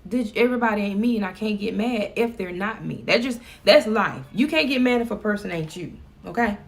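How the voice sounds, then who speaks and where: A woman's voice: mid-range voice, fairly quick, creaky. A middle-aged woman vlogging from home, chatting casually and laughing as she talks to her viewers.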